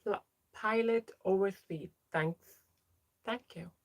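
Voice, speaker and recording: A woman's voice: mid-range voice, slow pace. A young trans woman hosting a casual livestream, chatting as she reads out viewer names and answers their comments. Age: young adult. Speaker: livestream host.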